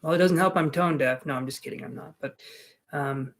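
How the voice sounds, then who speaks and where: Chatty man reading tarot live, higher voice. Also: a little fast, a bit bright. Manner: chatty, reads viewers' names aloud and jokes. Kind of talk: casual live-stream chat.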